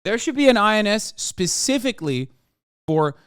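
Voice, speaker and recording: A man's voice: high voice, very animated, normal speed, clean tone, dry recording, clean studio sound. A man streaming a sarcastic, profane rant while reacting to news articles. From United States. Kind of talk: ranting commentary.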